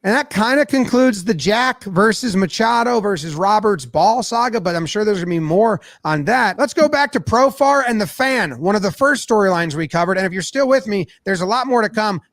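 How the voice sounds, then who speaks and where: A man recapping a baseball game in a casual, animated way, storytelling with lots of energy. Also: high-pitched, fairly quick, few pauses, dry recording, clean studio sound. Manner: animated storytelling, acts out players' voices. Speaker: sports commentator.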